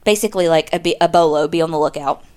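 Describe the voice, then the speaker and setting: A woman's voice: low voice, rapid-fire, a little mellow. Chatty woman telling a crime story. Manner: chatty, retells events with quoted dialogue and asides. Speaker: podcast co-host. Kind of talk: casual true-crime storytelling.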